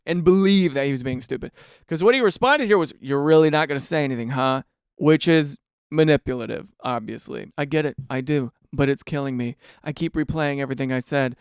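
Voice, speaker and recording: A man's voice: mid-range voice, fairly quick, clear, resonant tone, no room sound, clean studio sound. A young adult man hosting a comedic reaction show, reading out texts and firing incredulous, sarcastic remarks about them. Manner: incredulous, animated, reads texts aloud with sarcastic asides. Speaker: host reacting to online posts.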